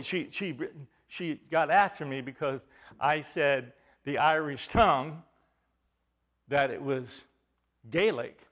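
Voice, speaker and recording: A man preaching a sermon, expressive, swelling loud at times and dropping soft at others. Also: a little high. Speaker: pastor.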